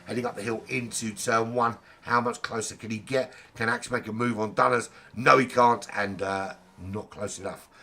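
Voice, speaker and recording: A man's voice: fairly low pitch, steady tone, moderate pace, hardly any pauses, sharp tone. A man with a sore throat giving rambling, jokey, casually sweary live commentary on an online racing league. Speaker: race commentator.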